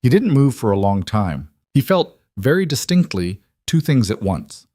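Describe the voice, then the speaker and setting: A man narrating a scripted story in a steady, unhurried way. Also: medium pitch, dry recording, clean studio sound.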